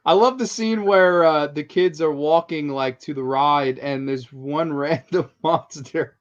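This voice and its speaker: A man hosting a casual horror podcast, animated and swearing freely as he riffs. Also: a little high, a little slow. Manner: animated, swears, does goofy impressions. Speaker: podcast host. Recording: dull lo-fi audio.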